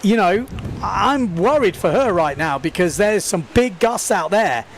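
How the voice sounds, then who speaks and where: A man doing live sports commentary, excitable and talking fast over the action, recorded outdoors at a beach event. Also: sits high, a little hiss or hum. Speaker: windsurfing commentator.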